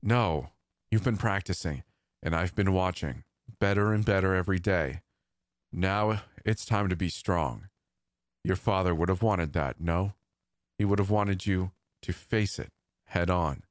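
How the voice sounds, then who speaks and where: A man voicing a frightened but resolute male guard who gently coaxes and then presses a scared boy. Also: low voice, measured pace, no room sound, studio quality. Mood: coaxing. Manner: earnest, coaxing, grows firm. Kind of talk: storytelling narration with acted dialogue.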